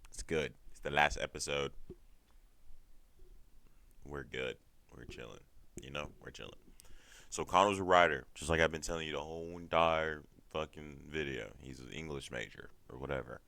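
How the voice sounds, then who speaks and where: A man's voice: extremely low pitch, fairly even intonation, normal speed, gravelly, long pauses, bright, forceful tone, no room sound. A man casually recapping a TV series episode, profane and laughing often. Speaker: show recap vlogger.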